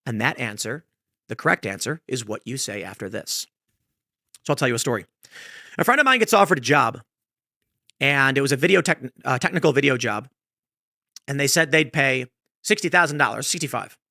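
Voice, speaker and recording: A man giving a motivational monologue about earning money, telling stories and acting out quick voices in a hypothetical. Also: mid-range voice, expressive, gravelly, pushed and bright, dry recording, clean studio sound. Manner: storytelling, acts out voices in hypotheticals. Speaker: online commentator. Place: played clip.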